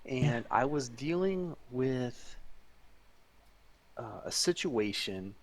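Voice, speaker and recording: A man's voice: medium pitch, expressive, extremely slow. A man co-hosting a podcast in casual chat, a jokey storyteller who laughs a lot. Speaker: podcast co-host.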